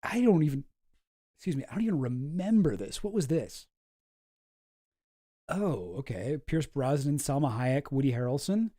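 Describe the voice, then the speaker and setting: A man's voice: medium pitch, lively intonation, moderate pace, long pauses, mellow, no room sound. A man streaming casual commentary from home, dry and skeptical, often trailing off into mumbles.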